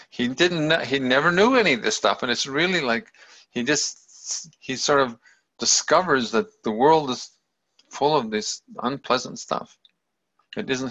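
A man tells a story in a loose, rambling way. His voice is gravelly with a bright, forward edge. It comes through a dull, lo-fi recording. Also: mid-range voice. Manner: loose and rambling, many fillers and restarts. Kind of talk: casual spoken storytelling.

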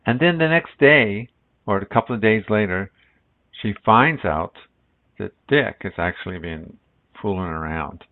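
Gravelly low-voiced man giving a talk. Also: expressive, unhurried. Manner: rambling and reflective, many restarts. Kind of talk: relaxed spiritual talk with a story. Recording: lo-fi phone-like audio.

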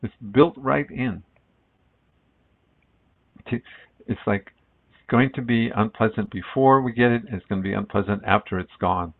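A middle-aged man speaks in a low, gravelly voice, drifting through a reflective spiritual talk with restarts and asides. The sound is thin and boxed-in, like audio over a phone line. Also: normal speed, pauses often. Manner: rambling and reflective, many restarts. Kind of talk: relaxed spiritual talk with a story.

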